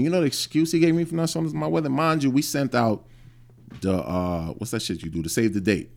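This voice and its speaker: A man's voice: medium pitch, quick pace, gravelly. A man in his late thirties hosting a podcast, telling a personal story in a blunt, profane way. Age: 30s. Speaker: podcast host. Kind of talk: casual chat.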